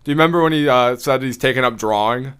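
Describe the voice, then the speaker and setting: A man's voice: medium pitch, fast talker, fairly bright tone, clean tone. A man co-hosting a podcast in casual chat, bantering and laughing at his own jokes. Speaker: podcast co-host.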